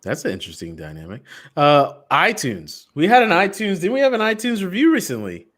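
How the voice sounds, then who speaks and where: Jokey animated podcast co-host man. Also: on the high side, a little fast. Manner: animated, jokey, swings loud and soft. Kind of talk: casual chat with show promos.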